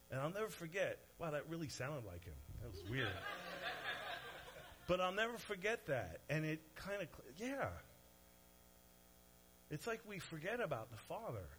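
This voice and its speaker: A man preaching a sermon in an animated way, swinging from soft to loud, with conversational asides to the audience. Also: mid-range voice, normal speed, long pauses, slight background noise, rough recording. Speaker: pastor.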